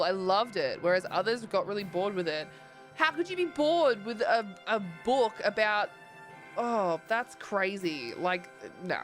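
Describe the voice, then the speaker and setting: A woman's voice: medium pitch, expressive, unhurried, faint music behind. A young woman livestreaming, chatting casually and rambling with lots of fillers while she plays, sleepy and yawning. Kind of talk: casual chat while gaming.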